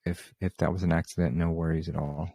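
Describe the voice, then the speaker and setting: A man's voice: deep voice, little pitch movement, a little fast, creaky, mellow, breathy edge, no echo, studio quality. A man hosting an open question session on a group video call, talking in an easygoing, rambling way with many fillers. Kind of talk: casual spiritual talk on a group call.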